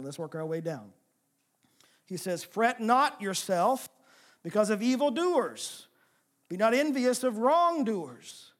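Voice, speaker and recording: A man preaching a sermon, asking rhetorical questions and moving between emphatic and soft passages. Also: high-pitched. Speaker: pastor.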